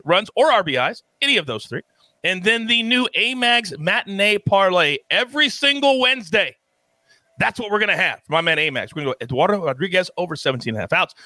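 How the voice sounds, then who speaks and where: A man hosting a sports betting show with energetic, playful hype and big swings in his delivery. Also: sits high, no room sound. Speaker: host.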